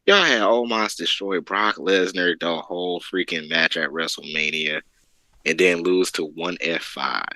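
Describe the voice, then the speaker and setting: Forceful ranting man, dry sound. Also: deep voice, measured pace, long pauses, dry recording, rough recording. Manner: repetitive, stammering, ranting. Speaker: wrestling podcast co-host. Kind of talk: casual chat.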